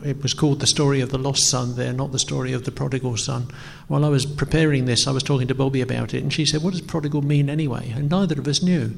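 In a church hall with long reverb, a middle-aged pastor gives a conversational sermon, casual and hesitant, full of ums and self-deprecating asides. His mid-range voice carries vocal fry, and there's a little hiss or hum.

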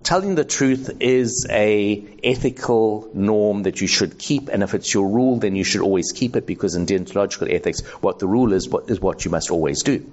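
A man gives a live ethics lesson to a room full of people. His voice sits low, and the recording is dull and lo-fi. He talks conversationally, asks for a show of hands and acts out the voices he quotes. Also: brisk, hardly any pauses, a little mellow. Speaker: speaker teaching ethics to an audience. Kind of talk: live talk with audience. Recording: dull lo-fi sound.

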